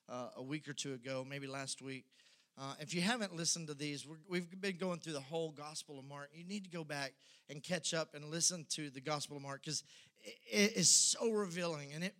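A man preaching with a high, bright, ringing voice. He swings dramatically from pressing, loud delivery to low, hushed moments. A sermon style throughout. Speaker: pastor.

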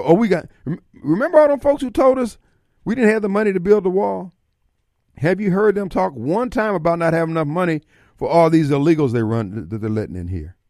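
A man's voice: a little high, no room sound, clean studio sound. A man hosting a political talk radio show, delivering a fiery monologue and acting out imagined critics. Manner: animated, acts out imagined callers and critics.

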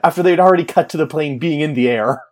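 A man's voice: a little high, fast talker, slight background noise. A man in casual chat, animatedly retelling a movie's plot and acting out the characters' lines. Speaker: podcast co-host.

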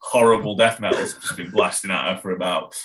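A man's voice: low-pitched, fairly even intonation, fairly quick, a bit bright, a little hiss or hum, rough recording. A man chatting as a podcast guest, rambling and self-interrupting, laughing often. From England. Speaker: podcast guest, band member. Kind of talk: casual chat.

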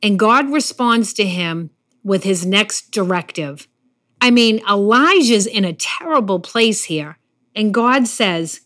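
A woman's voice: medium pitch, animated, slow pace, fairly bright tone. A woman preaching a sermon in an earnest way, sometimes acting out the lines of the figures in the story she tells. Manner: earnest, acts out the Bible figures' lines in quotes.

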